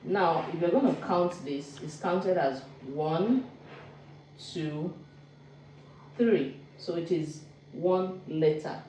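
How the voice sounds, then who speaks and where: Teacher going over the alphabet slow, says every sound twice, roomy echo, mic kinda far off. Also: mid-range voice, darkish tone, slight background noise. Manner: explains slowly, repeats each sound twice. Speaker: language teacher. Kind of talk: video language lesson. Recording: roomy, distant mic with faint ambience.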